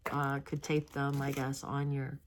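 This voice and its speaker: Low-voiced sleepy woman rambling chattily. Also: monotone, a little slow, background noise. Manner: rambling and chatty, with frequent hesitations. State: sleepy, yawning repeatedly. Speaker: crafting video host. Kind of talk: casual product review chat.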